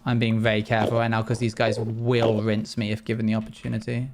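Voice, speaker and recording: A man's voice: lowish voice, completely flat delivery, background noise. A young man, chatting playfully with his audience while livestreaming a game. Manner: chatty, quick asides and playful exclamations. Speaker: streamer. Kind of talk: live game stream chat.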